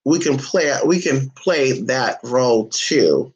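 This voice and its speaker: A vlogger at home chatting to the camera and a pet dog, cursing freely, calling everyone honey and jumping into a squeaky high voice to tease the dog. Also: animated, slow pace, dull audio. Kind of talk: casual, profane home vlog. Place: indoors at home. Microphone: phone or camera set down nearby.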